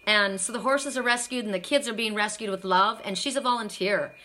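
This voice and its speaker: A woman's voice: mid-range voice, brisk, bright, forceful tone. A middle-aged woman doing a live card reading, tired and emotional, chatting with viewers and often repeating herself. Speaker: oracle card reader.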